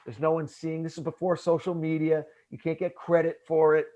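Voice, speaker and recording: A man's voice: a little high, little pitch movement, fairly quick, mellow, dull audio. A man telling a story in casual conversation, acting out his own past lines and calling his listener bro. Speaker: podcast host.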